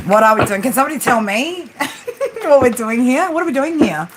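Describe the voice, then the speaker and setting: A woman's voice: fairly high pitch, fast, noisy background. Chatty Australian woman in her forties. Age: 40s. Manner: chatty, joking, tags sentences with "right?". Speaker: livestream tarot reader. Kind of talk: casual live-stream chat. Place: room with a flat roof. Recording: steady rain drumming behind her. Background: rain on the roof.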